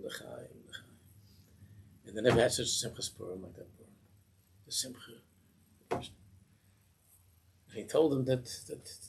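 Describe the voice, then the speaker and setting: A man's voice: on the low side, creaky, slight background noise. A man, a rabbi, giving a sermon in a synagogue and telling a story, acting out the voices in it. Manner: animated storytelling, acts out voices in the tale.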